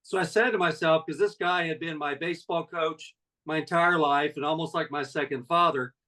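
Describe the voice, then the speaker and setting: A man's voice: on the high side, steady tone, normal speed, sharp tone, recorded from a distance, low-quality recording. A man in his sixties, a network marketing leader, giving a folksy, conversational motivational talk full of personal stories.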